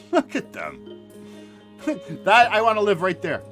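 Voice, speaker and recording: Man, livestream host, casual chat, excitable, swears a lot, lively pitch, slightly high voice. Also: takes it slowly, soft background music. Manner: excitable, swearing, laughs often, trails off mid-sentence. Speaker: show host.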